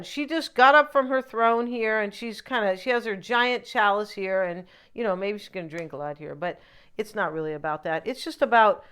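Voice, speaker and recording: Lady doing a tarot reading, kinda high clean voice, rambles off on opinionated tangents. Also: normal speed, a bit bright, clean tone. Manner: rambling and opinionated, with frequent asides. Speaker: tarot reader. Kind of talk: casual tarot reading monologue.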